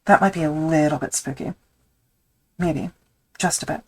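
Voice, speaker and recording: Chatting as she works leather on a live stream, a woman rambles, pokes fun at herself and thinks aloud with fillers. Her voice is low and darkish at a moderate pace, and the recording quality is poor.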